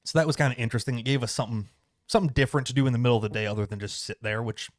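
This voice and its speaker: A man's voice: mid-range voice, steady tone, racing, no echo, clean studio sound. An American man hosting a podcast, telling a weekend story in a rambling, easygoing way with lots of fillers. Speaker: podcast host. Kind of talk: casual chat. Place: small home studio.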